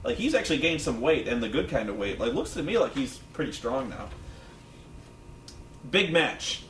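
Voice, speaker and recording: This man co-hosts a wrestling review show, chatting in a rambling, profane way packed with fillers. His mid-range voice swings widely in pitch, with a fairly bright tone and moderate pace. A distant mic in an echoey room picks up a faint hum.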